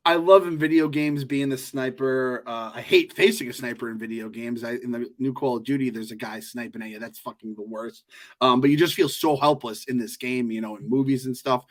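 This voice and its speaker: A man co-hosting a podcast, chatting casually in an animated, joking way with lots of swearing. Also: medium pitch, brisk. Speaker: podcast co-host. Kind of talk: casual chat.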